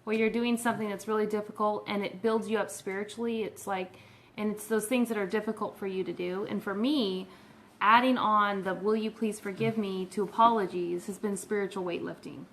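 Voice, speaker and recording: A woman's voice: mid-range voice, fairly even intonation, brisk, slight background noise. A woman in her thirties, co-hosting with her husband, speaking in a frank and plainspoken way. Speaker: co-host, pastor's wife. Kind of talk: casual conversation.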